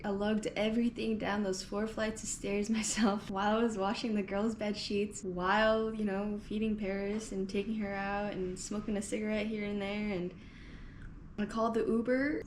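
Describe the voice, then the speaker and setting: A woman's voice: mid-range voice, a little hiss or hum. A woman in her twenties telling a candid personal story in a vlog from a hotel room, bluntly and with frequent swearing. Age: 20s. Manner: blunt, swears freely, lots of "like". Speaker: vlogger.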